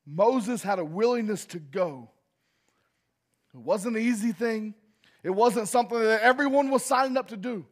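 A male pastor delivering an impassioned sermon, speaking directly to his congregation, with loudness that rises and falls sharply. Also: high-pitched, normal speed.

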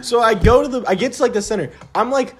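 A man's voice: very high-pitched, fast. A young man in casual chat, telling a profane, ranting story and laughing often.

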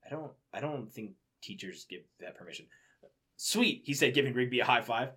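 A man's voice: mid-range voice, expressive, moderate pace, a bit bright, husky. Young man reading a story with wry remarks. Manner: wry commentary between read passages. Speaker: co-reader. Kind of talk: comedic dramatic reading.

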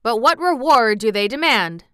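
A woman voicing a suspicious, anxious male gnome king in a storybook reading, with loud emphatic exclamations. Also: on the high side, animated, normal speed, smooth, no room sound, clean studio sound, voice pushed up.

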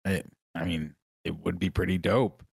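A man's voice: low voice, fairly even intonation, normal speed, creaky, slightly rough, no echo, studio quality. A man co-hosting a podcast, laid-back, tossing in questions and laughing along. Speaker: podcast co-host. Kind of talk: casual podcast banter.

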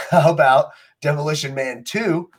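A man's voice: on the high side, measured pace. Ranting, foul-mouthed male podcast host. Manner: blunt, ranting, swears freely. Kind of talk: casual profane chat.

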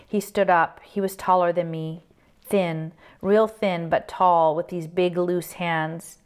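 A woman reading a novel aloud in a low voice. Her narration is steady and subdued, with a flat, even pitch that barely rises or falls. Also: slow pace, clear, resonant tone. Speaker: reader.

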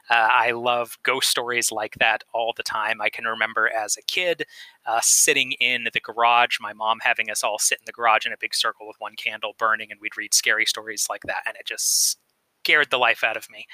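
A man hosting a storytelling show, reading a folk tale aloud and chatting with listeners in a measured, dramatic way. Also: mid-range voice, sharp tone, dry recording, poor audio. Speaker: storytelling podcast host.

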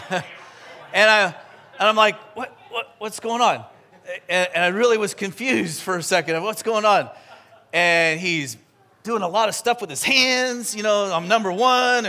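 A man, a pastor, preaching a sermon and telling a personal story in a lively, chatty way. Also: sits high. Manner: animated storytelling with quick asides.

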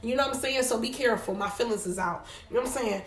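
Podcast co-host, woman, Detroit accent, high and expressive, slangy, echoey room. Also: racing. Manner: expressive, playful, slangy, often asks "you know what I'm saying?". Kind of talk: casual podcast chat.

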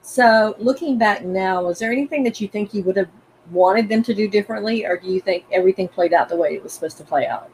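A woman's voice: mid-range voice, fast, a little mellow, a little hiss or hum, low-quality recording. A woman from North Carolina, hosting a podcast interview in a conversational questioning style. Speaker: podcast host.

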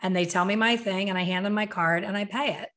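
A woman co-hosting a casual podcast chat about salon work, lively and animated as she acts out clients. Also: medium pitch, quick pace. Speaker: co-host, salon coach.

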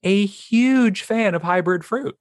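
A man's voice: high-pitched, slow pace, no echo, clean studio sound. A man co-hosting a casual podcast, easygoing and chuckling as he chats with his friend. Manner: laid-back, chuckling storyteller. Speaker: podcast co-host. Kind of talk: casual chat.

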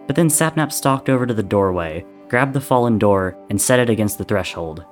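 Male storyteller, lower voice, measured dramatic reading. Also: lively intonation, soft background music. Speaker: narrator. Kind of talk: reading fan fiction aloud.

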